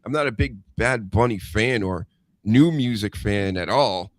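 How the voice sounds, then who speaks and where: A man's voice: fairly low pitch, a little slow, dry recording. A man co-hosting a podcast, griping and dismissive in casual banter. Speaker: podcast co-host.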